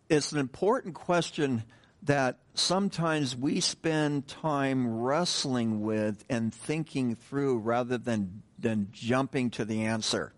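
A middle-aged man preaching a sermon, reading scripture and praying, then talking in a loose, conversational way with restarts and joking asides. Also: mid-range voice. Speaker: pastor.

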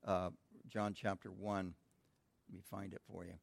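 A man's voice: low-pitched, flat delivery, normal speed, vocal fry, no echo. A man teaching a midweek Bible study in a conversational, informal way, asking the room questions and answering them himself.

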